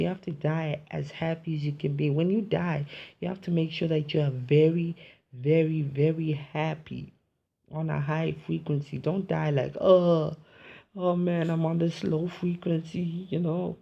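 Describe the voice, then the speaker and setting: Husky, gravelly man musing to camera. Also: fairly high pitch, dull audio. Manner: rambling, philosophical, peppered with "you feel me" and "man". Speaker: vlogger. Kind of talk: casual monologue.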